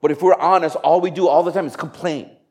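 A male pastor preaches a sermon in a conversational style, putting rhetorical questions to the congregation. His voice is on the high side and a little mellow, fast, with fairly even intonation.

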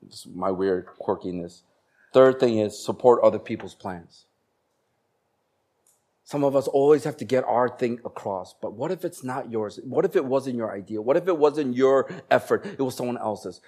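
Guy pastor preaching, slows way down on the big lines, gets animated telling stories. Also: mid-range voice. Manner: animated storytelling, bursts of laughter and acted voices; slows down for emphasis on key phrases. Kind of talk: sermon.

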